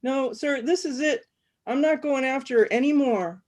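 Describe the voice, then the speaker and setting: A weary, blunt man, read by a woman talks in a gruff, profane way. He sounds worn out and unimpressed. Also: sits high, normal speed, darkish tone, voice pushed up. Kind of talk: reading a story aloud.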